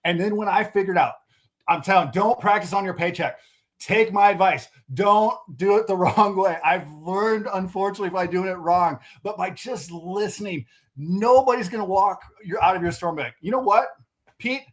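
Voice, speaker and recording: High, lively man coaching sales. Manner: animated, quick restarts, acts out customer dialogue. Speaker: mattress sales trainer, guest. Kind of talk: energetic sales coaching talk. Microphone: video call.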